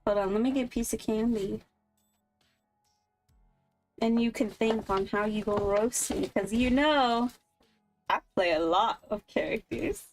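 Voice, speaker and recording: A woman's voice: fairly high pitch, measured pace, pauses often, soft background music, poor audio. Chatty woman hosting an improv stream. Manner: chatty, giggly. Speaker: improv co-host. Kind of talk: casual chat.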